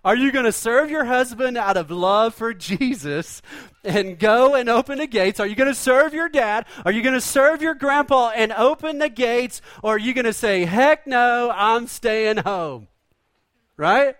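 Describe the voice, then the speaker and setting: Male pastor, high-pitched, conversational folksy sermon delivery, dry recording. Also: animated, normal speed, a bit bright, no echo. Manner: folksy, conversational preaching with rhetorical questions.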